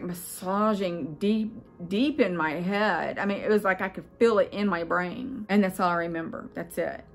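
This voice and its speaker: A middle-aged woman vlogger telling a personal story in a casual, earnest, rambling way, with many fillers and restarts. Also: medium pitch.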